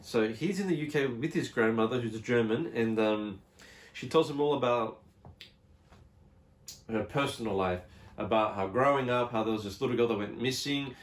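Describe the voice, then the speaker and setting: A man talks casually through an unboxing of a film he loves. He rambles, circles back on his words and fills the gaps with ums. His voice sits at an ordinary middle pitch. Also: moderate pace. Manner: rambling, with many fillers and restarts. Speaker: collector reviewing a film release.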